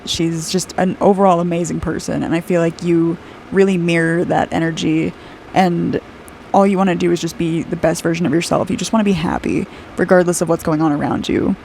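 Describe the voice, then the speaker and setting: Her fairly low, slightly mellow voice has vocal fry and fairly even intonation, at a moderate pace with slight background noise. A woman in her twenties and an aura reader and artist, she draws while offering a chatty, rambling intuitive aura reading, full of "like" and laughter.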